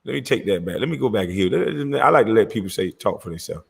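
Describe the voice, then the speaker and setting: A man's voice: lowish voice, expressive, fast, gravelly, breathy edge. A man giving profane, incredulous reaction commentary on a clip he is watching.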